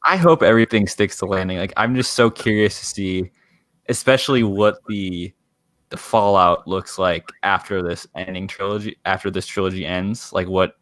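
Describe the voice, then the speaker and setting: A man's voice: sits low, moderate pace, fairly bright tone, no room sound. A young man co-hosting a podcast, asking curious, thoughtful questions. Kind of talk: casual chat.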